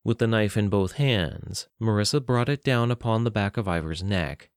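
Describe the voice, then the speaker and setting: A man narrating a fantasy story in a steady, measured reading. His voice is fairly low, and the recording is dry and close. The sound has no room echo.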